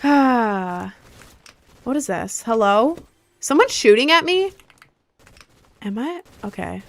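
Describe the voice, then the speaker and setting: A woman's voice: a little high, sing-song, measured pace, creaky, a bit bright, a little hiss or hum. A young woman chatting casually on a live stream while playing a game, rambling and answering her chat.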